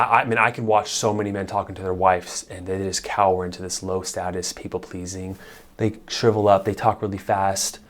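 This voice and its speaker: A man, a marriage therapist, giving blunt, emphatic advice straight to camera with casual swearing. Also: lowish voice. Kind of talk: direct-to-camera advice talk.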